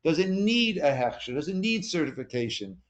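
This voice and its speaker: A man's voice: on the high side, big pitch swings, fairly quick, dull audio. A man who is a rabbi, giving an informal lesson to a small group in a conversational way, asking them questions and retelling stories with quoted dialogue. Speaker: rabbi teaching a class. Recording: recorded conference call.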